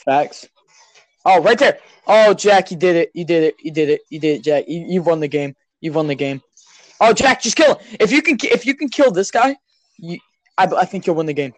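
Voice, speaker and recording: Excitable young man chatting while gaming. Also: fairly high pitch, moderate pace, dry recording. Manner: excitable, interrupting, coaching. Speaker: podcast host. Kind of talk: casual chat while gaming.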